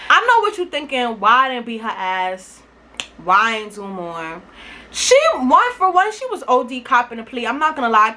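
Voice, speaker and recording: A young woman tells a story in a high voice, animated and emphatic, swearing freely. Her tone is bright and sharp throughout, in casual storytime style. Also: slight background noise. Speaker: vlogger.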